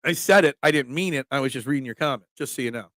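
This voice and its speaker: Speaking very fast at a medium pitch, a man runs a casual sports talk live stream where he reads viewers' comments aloud. He answers them with animated, emphatic opinions, and the dry recording has studio quality.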